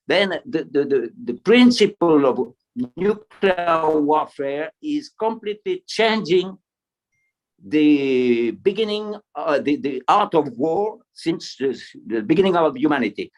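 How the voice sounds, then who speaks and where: A man with a French accent, a native French speaker, giving a halting talk on a panel over a video link, with many fillers and repeated words. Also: fairly high pitch, lively intonation, rough recording. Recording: unsteady remote signal.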